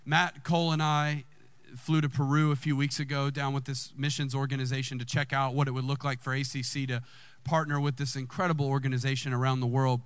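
A man, a lead pastor telling a personal story in a sermon and jumping high in pitch when excited. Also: a little fast, dry recording.

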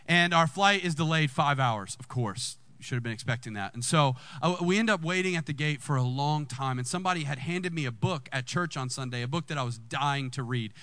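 Man, lead pastor, lively sermon storytelling, bright voice, dry sound. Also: fairly quick, hardly any pauses, no room sound. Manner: animated, jumps high when excited.

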